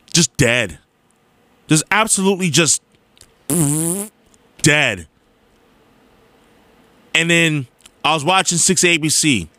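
A man's voice: fairly high pitch, no echo. A young man talking straight to listeners in an emphatic, repetitive monologue, like a radio host. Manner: emphatic, repetitive, animated storytelling.

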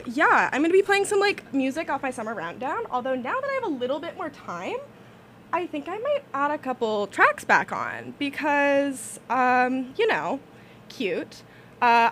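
A young woman hosting a college radio show in casual, rambling chat, slightly out of breath and a little shrill, talking into a studio microphone. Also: big pitch swings, normal speed, a bit bright, a little hiss or hum. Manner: rambling, filler-heavy, self-deprecating.

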